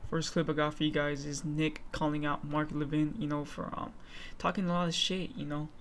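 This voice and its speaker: Rambling young man, quick flat delivery. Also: fairly high pitch, a little hiss or hum. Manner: rambling, many fillers. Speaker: clip channel host. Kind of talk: casual video intro.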